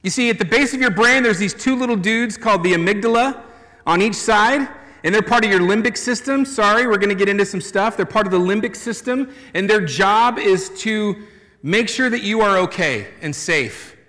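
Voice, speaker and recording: A man preaching a sermon as a pastor, conversational and animated, with playful asides. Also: sits high, normal speed, big-room sound.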